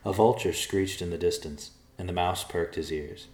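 A man narrating a storybook aloud in an expressive way. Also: deep voice, moderate pace. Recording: roomy echo.

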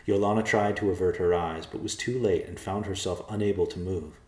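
A man narrating a fantasy story in a steady, measured reading. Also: low voice, echoey room.

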